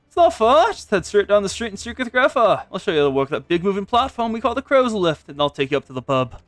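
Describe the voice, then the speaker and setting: Man voicing a friendly town guide, brisk, instructive, game dialogue read aloud, high lively voice. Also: no echo, faint music behind. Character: friendly townsman guiding a newcomer.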